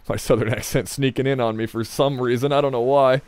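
A let's play gamer speaks quickly with few pauses in a mid-range voice. His gameplay commentary is playful and rambling, full of chuckles, replies to the game and stray asides.

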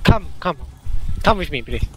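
A man playing a team game online, shouting and pleading at his teammates and repeating himself, in broken English. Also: a little high, sing-song, moderate pace. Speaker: gamer streaming team play. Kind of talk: excited gameplay chatter.

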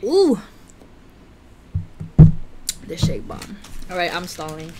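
A woman's voice: mid-range voice, slow pace, heavy background noise. A woman vlogger chatting casually to camera before a food challenge, nervous and giggly, often stumbling over her words. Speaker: mukbang vlogger.

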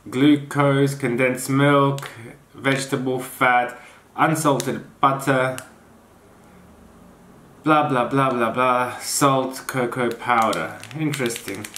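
Blunt bright-voiced man reviewing snacks. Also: medium pitch, a little hiss or hum. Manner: blunt, unimpressed taste-tester. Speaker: fitness vlogger. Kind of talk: casual product review. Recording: roomy echoey room.

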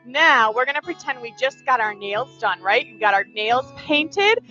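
A woman teaching a pre-recorded ballet class to small children, with an animated, sing-song way of talking. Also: fairly high pitch, moderate pace, dull audio, faint music behind.

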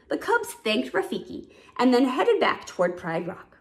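A woman reading a children's picture story aloud in a warm, lively storytelling manner. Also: fairly high pitch, normal speed.

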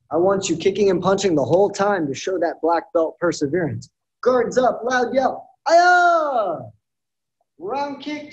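A man who is a martial arts instructor leads an online taekwondo class, calling out commands, counting drills and giving sharp shouted yells. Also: high-pitched, distant mic, lo-fi sound. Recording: roomy sound from away from the mic.

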